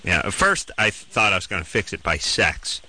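A man co-hosts call-in radio with a very bright, cutting tone, full of sarcastic asides. His voice is a bit low but swings up and down a lot as he riffs and jokes. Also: big pitch swings, fairly quick. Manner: sarcastic, joking. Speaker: radio co-host.

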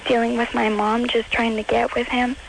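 A teenage girl calls in with a high, childlike baby voice and a gravelly, creaky edge. She talks hesitantly, filling her sentences with "like". The call comes through with clear background noise. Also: little pitch movement, normal speed, low-quality recording. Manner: hesitant, lots of "like" fillers. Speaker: caller. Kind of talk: phone-in call.

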